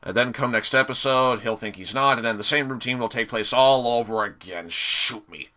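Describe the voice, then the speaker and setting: A young man giving a casual spoken episode review, sarcastic and exasperated, often pausing and restarting. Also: medium pitch, bright, forceful tone. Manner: hesitant, many fillers and restarts.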